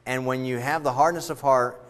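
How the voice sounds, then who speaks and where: A man's voice: mid-range voice, steady tone, moderate pace, fairly bright tone. A man preaching a sermon as a pastor, conversational and joking as he retells the story.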